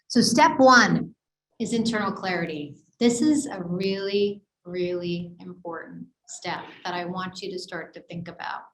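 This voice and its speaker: A woman presenting an online business workshop, talking in an energetic, conversational way and checking in often with "right?". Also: lowish voice, echoey room, rough recording. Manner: energetic, conversational, many fillers and "right?" tags. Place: home office on a video call. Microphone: video call mic.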